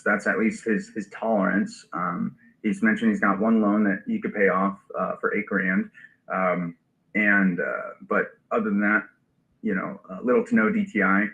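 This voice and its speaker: Male sales coach, bright and emphatic, roomy distant sound. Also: medium pitch. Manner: emphatic, repeats words, many ums. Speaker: sales trainer hosting a live session. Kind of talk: casual coaching talk reviewing a call.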